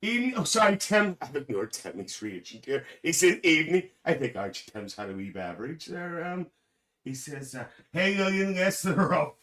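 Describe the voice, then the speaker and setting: A man's voice: on the high side, very animated, normal speed, fairly bright tone, far from the mic. A man playing a cheeky, gossipy older auntie, hosting a live stream and calling everyone dear. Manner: gossipy, calls everyone dear, laughs often. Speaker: livestream host. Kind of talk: live stream chat in character.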